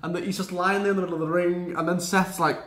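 A man's voice: high-pitched, little pitch movement, fast talker, fairly bright tone. Chatty sarcastic man ranting. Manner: chatty, sarcastic, laughs often. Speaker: wrestling show reviewer. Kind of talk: casual rant to camera.

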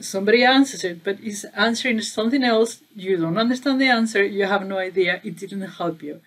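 A woman's voice: mid-range voice, a little fast, few pauses. Woman explaining business metrics to camera. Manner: conversational, stresses key words, asks viewers questions. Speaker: channel host and data trainer. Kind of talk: casual explainer video.

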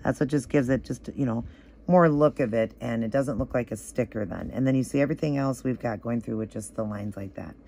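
A man hosting a casual nail art tutorial, talking viewers through each step in a relaxed, chatty way with plenty of ums and you-knows. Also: mid-range voice, brisk, gravelly, slight background noise.

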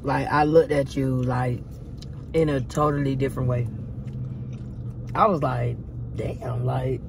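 A woman vlogger chatting casually with her partner while they eat, animated and drawn out. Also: very deep voice, unhurried, gravelly, background noise. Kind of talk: casual couple vlog chat while eating.

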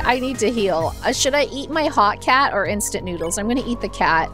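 A woman giving excitable, giggly commentary while she plays a video game. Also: medium pitch, a little fast, few pauses, faint music behind. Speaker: let's player. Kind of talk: gameplay commentary.

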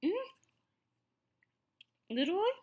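A woman's voice: slow pace, a little mellow, slight background noise. Chatty Ethiopian woman reviewing snacks. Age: 30s. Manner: chatty, full of fillers and restarts. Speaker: vlogger. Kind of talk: casual food review.

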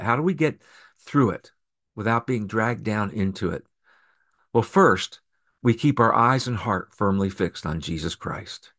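A male pastor preaching a sermon, pushing key phrases up in pitch and volume for emphasis and reading scripture aloud in a steady narrating voice.

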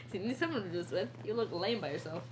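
A woman's voice: medium pitch, animated, fairly quick, a little mellow, slight background noise. A woman co-hosting a casual reaction video who giggles often and teases her co-host. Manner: giggly, teasing.

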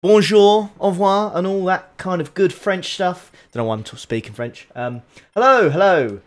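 A man chatting casually to viewers on his sim racing live stream, excitable and repeating his phrases. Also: high-pitched, normal speed.

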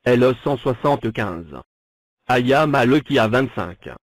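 Cartoon number block, male voice, mid pitch, dry, flat. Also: normal speed, no room sound, lightly acted. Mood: plain. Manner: flat self-introductions. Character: cheerful talking number block.

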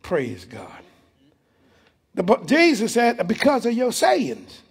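A man's voice: sits high, wildly swooping pitch, slow, creaky, husky. A man, preaching as pastor in a church, emphatic and full of rhetorical questions. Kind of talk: sermon.

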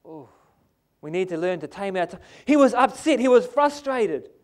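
A man's voice: high voice, big pitch swings, moderate pace, a little mellow. A man with a New Zealand accent preaching a sermon in a church, emphatic and asking the congregation "amen?".

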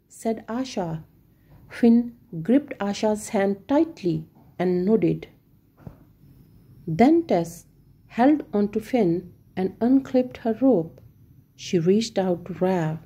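A woman reads a children's story aloud at a very slow, deliberate pace. Her voice is dark and mellow, with a soft huskiness at mid pitch. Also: lively intonation, breathy edge. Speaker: storybook reader.

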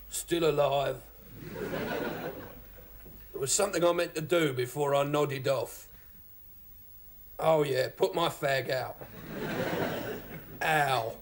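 A scruffy, lazy agent grumbles drowsily and mocks his friend in a fairly high voice. The sitcom track is noisy behind him. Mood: groggy. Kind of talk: sitcom acting.

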